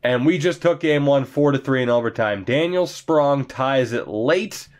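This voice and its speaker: A man commentating his own hockey video game play, chatty and excitable, laughing often, while getting over being sick. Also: mid-range voice, unhurried. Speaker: gaming commentator.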